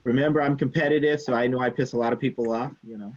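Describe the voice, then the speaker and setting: A man teaching chemistry in a casual, animated way, telling a story from his own student days and acting out the people in it. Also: medium pitch, quick pace, highs cut off, noisy background. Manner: animated, acts out quoted people, swears casually. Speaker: chemistry instructor.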